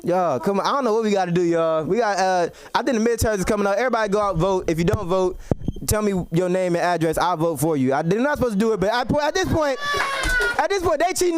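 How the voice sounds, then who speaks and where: A man's voice: sits high, animated, fast. A young man doing an open mic stand-up set, rambling and swearing a lot. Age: young adult. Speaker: stand-up comedian. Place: comedy club stage. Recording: noisy live club recording.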